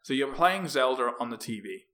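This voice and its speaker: Rambling male podcast host, bright voice. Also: mid-range voice, expressive, brisk. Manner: rambling, explains gadgets with many fillers. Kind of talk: casual chat.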